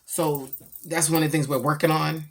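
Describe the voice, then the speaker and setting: A middle-aged woman chatting casually about her daughter, animated and slangy as she tells stories. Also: deep voice, normal speed. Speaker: vlogger, mother. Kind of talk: casual chat.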